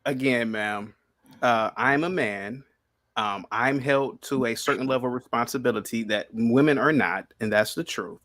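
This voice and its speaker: A man's voice: mid-range voice, normal speed, fairly bright tone. A man hosting a heated live-stream debate, combative and repeating his questions insistently. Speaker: podcast host.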